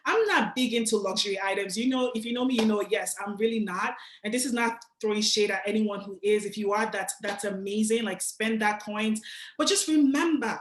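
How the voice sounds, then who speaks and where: A young woman from Nigeria giving a casual, animated motivational talk to an audience, speaking directly and with slang. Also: mid-range voice, brisk, roomy sound. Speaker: guest speaker.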